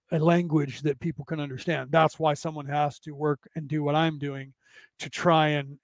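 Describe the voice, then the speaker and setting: A man's voice: a little high, no room sound. A man hosting a podcast, explaining a text in a casual, rambling way, often restarting and adding "right?" to check in. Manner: rambling, self-correcting, frequent "right?" tags. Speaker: podcast host.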